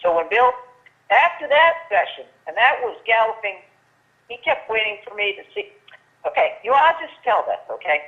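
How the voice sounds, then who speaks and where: A woman's voice: fairly high pitch, sing-song, moderate pace. An older woman, a guest, telling a long story in casual chat and acting out the dialogue she quotes, with frequent restarts. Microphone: telephone. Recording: tinny phone line.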